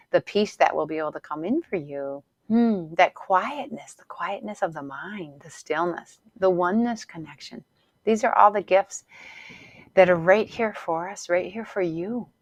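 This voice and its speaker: A woman hosting a spiritual podcast, speaking in a gentle, repetitive, affirming way with soft laughs. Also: lowish voice, no room sound. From Northern Hemisphere. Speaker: podcast host and Psych-K instructor. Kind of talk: gentle motivational spiritual talk.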